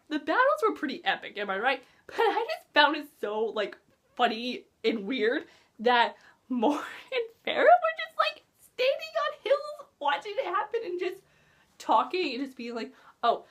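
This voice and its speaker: A woman chats through a book review in a casual vlog, gushing and excitable and full of filler words. Her voice sits high and leaps up and down with lively swings of pitch.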